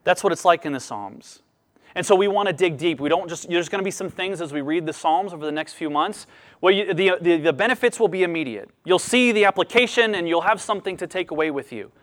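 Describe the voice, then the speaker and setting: A man with a high-pitched voice preaching a sermon. He speaks expressively, with his voice climbing for emphasis and dropping low for quieter points. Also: fast. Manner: expressive preaching, lively rises and drops. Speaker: pastor.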